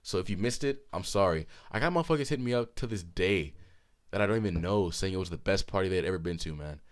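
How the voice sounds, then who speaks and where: A man in his twenties co-hosting a podcast, telling a story animatedly with frequent laughter and swearing, a bit hoarse. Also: low-pitched, fast. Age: 20s. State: hoarse throat. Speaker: podcast co-host. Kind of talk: casual chat.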